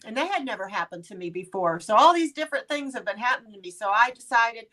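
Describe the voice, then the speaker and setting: A woman in her fifties, chatting casually in a group and telling personal stories with lively quoted voices. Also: on the high side, quick pace. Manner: storytelling, animated quoted voices. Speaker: participant.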